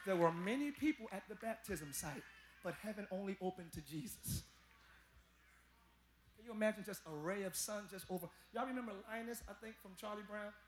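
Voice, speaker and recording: A male pastor preaching a live sermon to his congregation, folksy and talking to them as y'all, with quiet asides that break into shouted peaks. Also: high-pitched, fairly quick, slight background noise. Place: large church.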